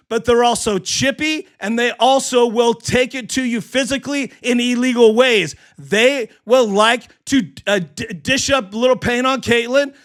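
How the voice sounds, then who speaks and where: A man hosting a sports live stream, talking with hyped excitement and firing back at chatters. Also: extremely high pitch. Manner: hyped, fast, heckling chatters. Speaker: sports livestream host.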